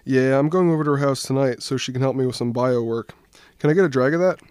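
A young man voicing a nervous but good-natured teenage boy, slightly raised in pitch and louder than his narration. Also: quick pace, clean tone, no echo, clean studio sound, lightly acted. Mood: easygoing.

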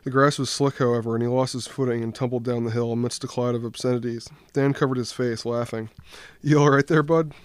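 A young man, a student, reading his own short story aloud in a steady, even storytelling voice. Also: medium pitch, quick pace, hardly any pauses, no room sound. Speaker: student reader.

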